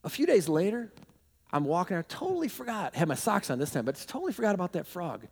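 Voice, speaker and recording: High-pitched guy preaching, big animated storyteller, long echo like a big church. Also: quick pace, vocal fry, husky. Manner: animated storytelling with shouted shrieks and laughs. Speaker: pastor. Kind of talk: sermon. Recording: long hall reverb.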